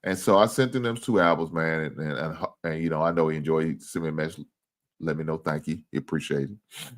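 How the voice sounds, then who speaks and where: A man hosting a casual livestream, talking with viewers and reading their comments, swinging from low mumbles to loud, cursing, exasperated rants. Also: fairly even intonation, fast talker. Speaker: livestream sports show host.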